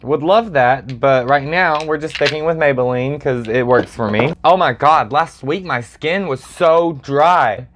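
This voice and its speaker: A man chatting casually through a makeup review at home, excitable, with dramatic squeals and sassy asides, filmed on a phone camera. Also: a little high, unhurried, few pauses, slight background noise. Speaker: makeup vlogger.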